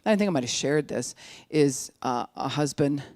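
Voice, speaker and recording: Older animated recovery-outreach speaker. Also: medium pitch, no echo, studio quality. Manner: animated, acts out quoted voices, sometimes slows speech right down to demonstrate. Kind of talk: informal teaching talk.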